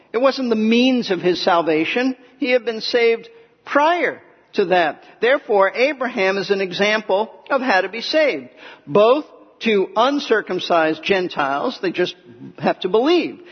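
A high-pitched male preacher delivers an earnest, emphatic sermon, walking through scripture point by point. His voice is a little husky, and the muffled, lo-fi recording carries a long hall reverb. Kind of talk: expository sermon. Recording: echoey hall, muffled lo-fi sound.

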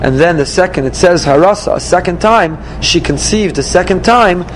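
A man teaching a Torah lesson, reading the verses and explaining them, acting out the dialogue with lively emphasis. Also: high-pitched, moderate pace, noisy background. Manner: animated, acts out dialogue from the text with rising emphasis. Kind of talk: Bible study class.

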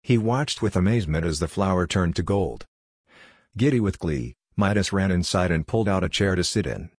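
A man's voice: deep voice, lively intonation, normal speed, darkish tone, breathy edge, no room sound, clean studio sound. A man narrating a scripted storybook in a plain, lightly humorous way.

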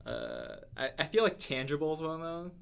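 A man's voice: a little high, moderate pace, clean tone. A man co-hosting a podcast in casual chat, rambling and searching for words with lots of fillers. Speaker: podcast co-host.

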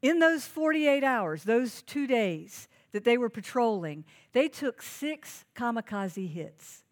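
A woman's voice: on the high side, sing-song, slow. A woman pastor preaching a sermon, earnest and emphatic, asking the congregation questions.

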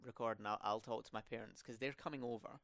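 Young Scottish man, smooth dry voice. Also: fairly low pitch, fairly even intonation, fast talker, a bit bright, no echo. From Scotland. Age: young adult. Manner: rolled R's, many fillers and restarts. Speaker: student podcast host. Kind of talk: casual interview chat.

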